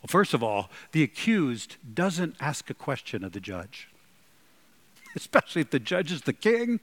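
A man preaching a sermon, emphatic and animated, with sudden loud bursts. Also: a little high, a little slow. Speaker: pastor.

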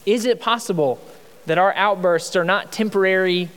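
Guy pastor in his 30s preaching, chatty w lots of rhetorical questions, kinda high voice, big hall echo. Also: moderate pace, fairly bright tone, smooth. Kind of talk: sermon. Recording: long hall reverb.

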